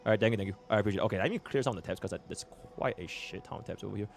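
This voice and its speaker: Soft music plays behind a young Singaporean streamer whose gravelly voice is on the low side and very fast. He chats away as he moves through menus, muttering to himself and falling back on repeated fillers.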